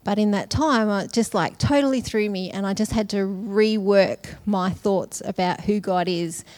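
A woman's voice: medium pitch, measured pace, a little mellow. A middle-aged woman giving a sermon in a casual, conversational way, often laughing between phrases. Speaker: conference speaker.

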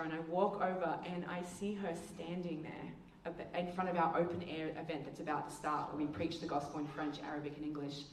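A woman gives a storytelling testimony in a low-pitched voice, acting out dialogue with leaps in pitch. She is heard from a distance in a roomy, echoing space with a faint background hum. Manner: storytelling, acts out quotes with big pitch jumps. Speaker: speaker. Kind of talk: testimony talk. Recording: echoey room, heard from a distance.

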